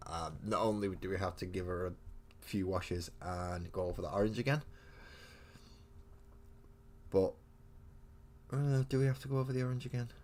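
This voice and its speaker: A man's voice: deep voice, normal speed, pauses often, a little mellow. A man hosting a live miniature-painting stream, chatting casually and thinking aloud with frequent restarts, in a home hobby room.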